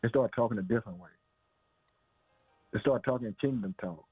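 A man's voice: fairly low pitch, normal speed, slightly rough, no room sound, soft background music. Man, informal preacher, repetitive conversational delivery, phone-like audio, no room sound. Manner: repetitive, conversational, calls listener "man" and "boy". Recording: tinny phone-line sound, dry.

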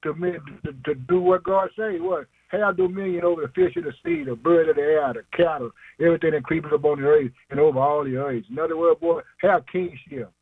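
Husky man preaching over a tinny line. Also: fairly high pitch, expressive, fairly quick, hardly any pauses, no room sound. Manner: emphatic call-and-response, asks and answers himself, chuckles often, slangy. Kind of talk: informal sermon.

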